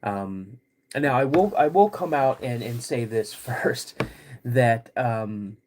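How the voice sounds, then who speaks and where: Slow-talking middle-aged man hosting. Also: medium pitch, darkish tone, a little hiss or hum. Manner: laid-back and rambling, greets chat viewers between stories; frequent throat clearing. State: getting over a cold. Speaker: podcast host. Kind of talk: casual livestream chat.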